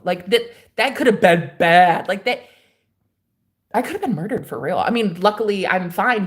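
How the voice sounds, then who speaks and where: Animated young woman telling a wild story. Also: medium pitch. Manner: animated, swearing, with sudden loud outbursts and dips. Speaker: vlogger. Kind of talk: casual storytime rant.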